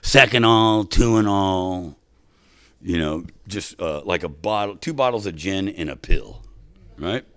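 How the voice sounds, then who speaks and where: A middle-aged man telling his life story to a recovery meeting, animated and drawing the listeners in with quick "right?" asides. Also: deep voice, no room sound. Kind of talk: personal recovery story to an audience.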